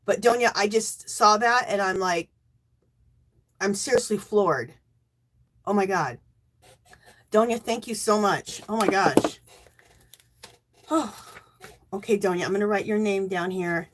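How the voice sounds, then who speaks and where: A middle-aged woman hosting a casual livestream, emotional and teary, thanking viewers by name and cheering with loud whoops. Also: medium pitch, a little slow, pauses often, slight background noise. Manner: thanks donors warmly by name. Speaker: livestream host.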